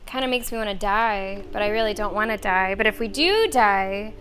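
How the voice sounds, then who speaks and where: A woman's voice: medium pitch, animated, normal speed, fairly bright tone. A young woman streaming a game, thinking aloud in casual, chatty commentary.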